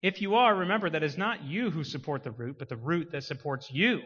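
A man preaching a sermon, swinging from quiet emphasis to loud, rising declarations. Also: fairly high pitch, a little fast, slightly rough. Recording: muffled sound with long hall reverb.

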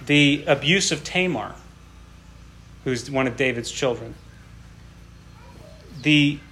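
A man's voice: a little high, fairly bright tone, slight background noise. A man preaching a sermon who reads scripture aloud with rising dramatic emphasis and explains between readings in a plain teaching tone.

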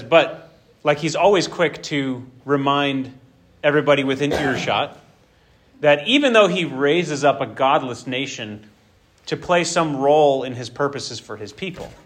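A man preaching an expository sermon in an animated, conversational way, acting out the scripture. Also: on the high side.

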